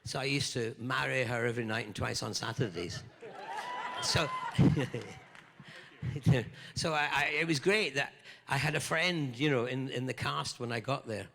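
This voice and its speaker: A man's voice: mid-range voice, normal speed, gravelly, bright, forceful tone. An older Scottish man, a guest actor at a fan convention Q&A, telling playful, jokey anecdotes. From Scotland. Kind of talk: lively anecdotal storytelling. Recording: echoey convention hall.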